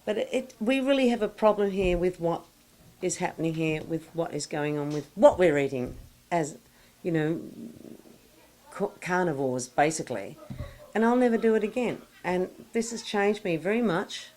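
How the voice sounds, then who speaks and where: A woman's voice: lowish voice, normal speed, a little mellow. A woman with an Australian accent, chatting effusively as a guest interviewed at an evening party, with Aussie slang. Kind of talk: casual interview chat.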